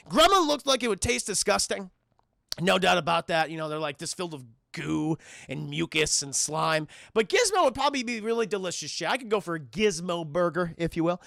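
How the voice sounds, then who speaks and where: Gravelly, profane man reviewing films. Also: high-pitched, brisk, dry recording, studio quality. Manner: profane, animated, keeps addressing chat. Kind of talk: casual film review commentary.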